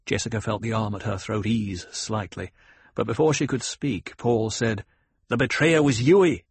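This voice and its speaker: A man narrating an audiobook in a measured, dramatic storytelling manner, with a husky voice. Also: fairly low pitch, no echo. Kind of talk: scripted narration.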